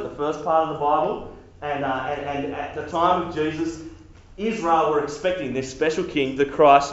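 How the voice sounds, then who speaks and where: A man giving a sermon to young people, animated and casual, repeating himself and acting out quotes. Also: sits high. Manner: animated, repetitive, casual slang, acts out quotes. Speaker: youth preacher. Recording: very echoey hall, dull sound.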